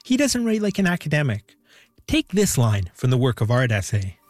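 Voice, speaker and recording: Lively male documentary narrator. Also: mid-range voice, normal speed. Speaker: documentary host.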